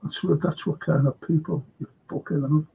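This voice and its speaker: A man's voice: a little high, steady tone, normal speed, vocal fry, dark tone, breathy edge, highs cut off. An older man from Liverpool with a Liverpool accent, rambling through anecdotes and swearing freely while hosting a livestream. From Liverpool, England. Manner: swears freely, tells stories with frequent fillers. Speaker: host.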